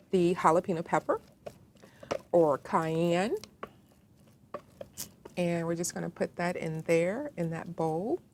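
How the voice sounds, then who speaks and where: A woman's voice: lowish voice, darkish tone, a little hiss or hum. A woman with a Southern American accent hosting a home cooking demonstration, chatting to the viewer as she works in her kitchen. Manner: chatty, talks to the viewer while working. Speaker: cooking show host.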